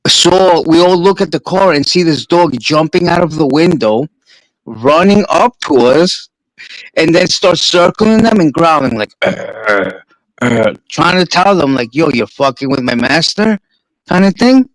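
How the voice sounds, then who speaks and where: A man's voice: on the high side, measured pace, no room sound, poor audio. A man with a New York accent, a streamer swapping stories in a casual, profane chat. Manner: profane, animated storyteller.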